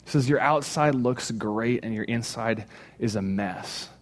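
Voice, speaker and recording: A man in his thirties, a pastor giving a sermon, telling a funny personal story and acting out his own shouts. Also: mid-range voice, measured pace. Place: church stage.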